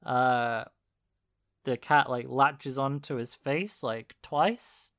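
Smooth-voiced man rambling through a recap. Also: medium pitch, takes it slowly, a bit bright. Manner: rambling, laughing retelling with many fillers. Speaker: podcast co-host. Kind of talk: casual chat.

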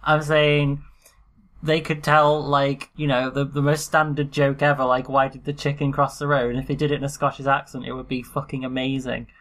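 A woman's voice: very deep voice, little pitch movement, moderate pace. A woman co-hosting a casual podcast, giving blunt opinions, giggling often and swearing offhandedly. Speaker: podcast co-host.

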